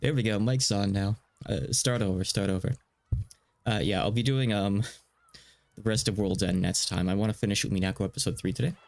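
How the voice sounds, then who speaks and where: A man's voice: on the low side, fairly even intonation, fast, creaky, darkish tone. A man streaming a game, chatting in a casual, rambling way that slightly stutters. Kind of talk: casual let's-play commentary.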